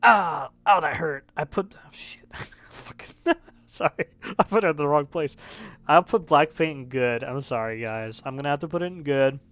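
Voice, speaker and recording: A man's voice: fairly high pitch, normal speed, dry recording. A man reviewing songs in casual commentary, rambling and correcting himself, with the odd swear word. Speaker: music reviewer.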